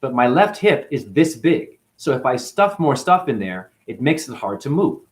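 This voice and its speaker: A man's voice: mid-range voice, very animated, normal speed. A man recounting a conflict with his boss at his cleaning job, talking emotionally and quoting people as he tells it. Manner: emotional, recounting grievances with acted quotes. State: chronic hip pain. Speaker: janitor. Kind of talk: personal vlog storytelling.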